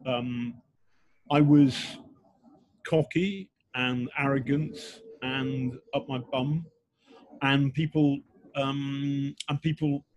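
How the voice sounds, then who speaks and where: A man's voice: medium pitch, steady tone, very slow, a little hiss or hum. A man of about sixty with a slight northern English accent, telling candid stories in an interview, blunt and self-mocking with many ums and restarts. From England. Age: 60s. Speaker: journalist guest.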